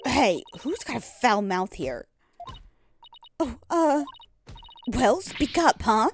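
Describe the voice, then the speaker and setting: A woman voicing a brash, sharp-tongued young female magician who talks in a snappy, defiant, rude way. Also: fairly high pitch, very animated, slow, soft background music, full character voice. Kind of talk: reading a game aloud with voices.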